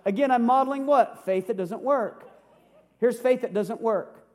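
A man in his fifties preaches with a notably high, bright voice. He keeps it lively, tossing out rhetorical questions and jokes as a pastor addressing his church. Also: moderate pace, some chatter behind. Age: 50s. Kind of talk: sermon.

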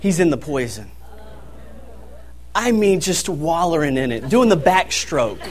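A young man preaching a sermon, telling a family story in an animated way and laughing as he goes. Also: a little high, measured pace, noisy background. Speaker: pastor.

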